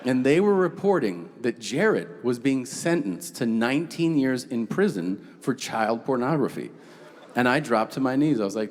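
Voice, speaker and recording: Stand-up comic, male, swinging pitch, profane storyteller, live stage mic in a reverberant room. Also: normal speed. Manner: animated, profane storytelling with shouted impressions. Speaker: stand-up comedian. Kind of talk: stand-up comedy set. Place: comedy stage before a live audience. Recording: reverberant venue with faint room noise.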